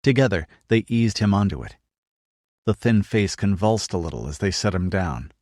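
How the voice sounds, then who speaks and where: A man narrating an audiobook in a measured, steady scripted reading. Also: low-pitched, no room sound.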